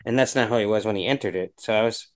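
A man co-hosting a horror film podcast, talking casually and thinking out loud. He rambles with plenty of "like" and "kinda" as he works through his point. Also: on the low side, racing. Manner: rambling, many fillers. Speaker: podcast co-host.

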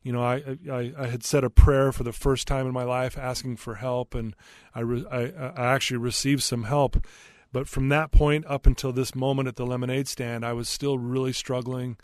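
A man's voice: mid-range voice, flat delivery, moderate pace, darkish tone, no room sound, studio quality. Earnest man telling a personal story. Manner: earnest, candid, with frequent fillers. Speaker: podcast guest.

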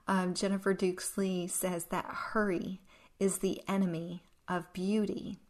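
A woman hosting a devotional podcast, reading passages aloud in a gentle, calm, unhurried way. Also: fairly low pitch. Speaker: podcast host.

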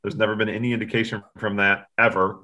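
Brief: male sports co-host, lower pitch, bright tone, loose and rambling. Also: flat delivery, fast talker. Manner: rambling, self-interrupting. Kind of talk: casual sports talk.

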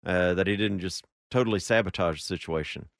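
A man's voice: low-pitched, fairly quick, dry recording. A man co-hosting a casual motorsport podcast who drops dry quips between his points. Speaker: podcast co-host.

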